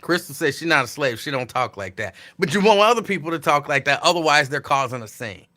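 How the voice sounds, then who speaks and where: A man hosts a casual live show from his home. His voice is bright and forceful, and he keeps reacting to viewers' comments with animated disbelief. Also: a little high, quick pace. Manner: animated, incredulous, talks back to viewers' comments. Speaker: talk show host. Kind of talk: casual live-stream chat.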